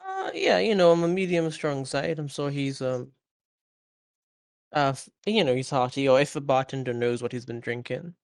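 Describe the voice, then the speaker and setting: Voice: medium pitch, animated, moderate pace, dry recording, studio quality. Hesitant player in a tabletop game. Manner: hesitant, chatty, many fillers. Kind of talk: casual tabletop play.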